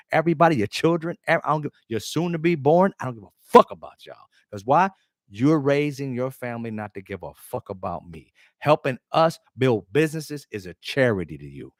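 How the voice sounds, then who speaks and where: A man's voice: mid-range voice, no echo, clean studio sound. A man hosting his own show, delivering a fiery, profane monologue. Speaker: host. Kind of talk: impassioned monologue.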